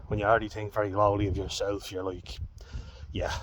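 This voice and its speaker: Male vlogger, lower voice, blunt and sweary, faint background noise. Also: flat delivery, fairly quick. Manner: blunt, heavy swearing, raw and frank. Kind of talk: candid storytelling to camera.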